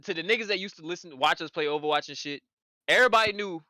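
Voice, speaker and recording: A man co-hosting a casual gaming podcast, loud, profane and teasing. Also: high voice, quick pace, no echo, clean studio sound. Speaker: podcast co-host.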